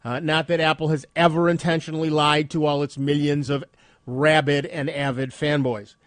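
Male radio tech host, stuffed-up, higher pitch, dry close sound, wry and chatty. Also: little pitch movement, moderate pace, dry recording. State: stuffed up nose. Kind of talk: radio tech talk and news reading.

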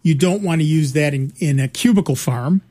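A man's voice: fairly high pitch, brisk, warm tone. A middle-aged man with a slightly raised voice tells stories in a loose, meandering way. He restarts his sentences often and keeps the tone of easy conversation among co-hosts. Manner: rambling, with many restarts and fillers. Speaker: podcast co-host. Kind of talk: casual chat, storytelling.

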